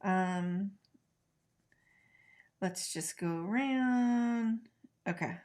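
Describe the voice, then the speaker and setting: A woman's voice: medium pitch, drawn-out words, darkish tone. Middle-aged American woman hosting a live craft stream, friendly running commentary while she works. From United States. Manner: chatty, talks to viewers while coloring. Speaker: craft tutorial host.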